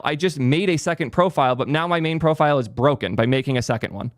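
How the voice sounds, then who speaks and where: A man's voice: on the high side, fast talker, no room sound. Man, frustrated tech streamer ranting at chat, clean close-miked voice. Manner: annoyed, swearing, ranting at chat. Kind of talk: frustrated live commentary.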